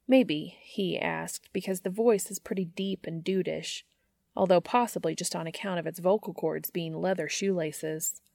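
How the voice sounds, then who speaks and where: Low, gravelly woman narrator with wry comic timing, dry close recording. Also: steady tone, moderate pace, a little mellow, no echo. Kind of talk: fan fiction reading.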